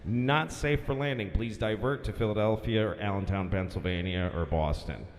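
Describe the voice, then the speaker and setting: A man voicing an airport announcer reading a flat, official closure notice. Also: lowish voice, moderate pace, in a large hall, voice pushed down, close to an everyday voice. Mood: formal. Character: formal male airport announcer.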